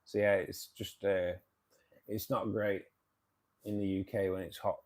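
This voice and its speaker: Chatty Manchester man, lowish voice. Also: level tone, measured pace. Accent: Manchester English. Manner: chatty, reads and answers viewer comments. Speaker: livestream host. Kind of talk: casual livestream chat.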